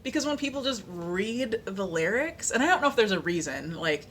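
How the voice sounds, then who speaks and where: Chatty woman vlogger, playful and animated. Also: mid-range voice, normal speed, slight background noise. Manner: chatty and animated, full of fillers, laughs and playful sung snippets. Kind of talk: casual chat.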